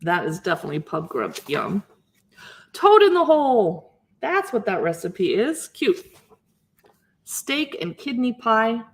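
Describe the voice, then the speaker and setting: A woman's voice: medium pitch, big pitch swings, a little slow, long pauses, a little hiss or hum. A woman hosting a casual live stream, chatting enthusiastically as she flips through cookbooks and muses aloud over recipes. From Seattle area. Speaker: cookbook channel host.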